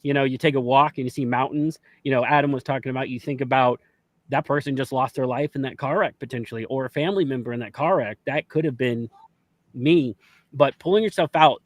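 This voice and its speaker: A man's voice: medium pitch, no echo. A man speaking reflectively as a podcast guest, offering earnest advice. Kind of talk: conversational advice.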